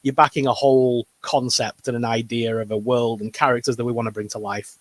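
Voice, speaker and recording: A man's voice: mid-range voice, level tone, fairly quick, no room sound. A man with a northern English accent, chatting casually as co-host of a live stream. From northern England. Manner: casual, laughing, many restarts.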